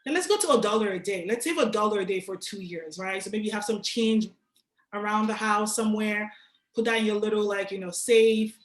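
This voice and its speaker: A young woman from Nigeria giving a casual, animated motivational talk to an audience, speaking directly and with slang. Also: medium pitch, fairly quick, reverberant. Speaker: guest speaker.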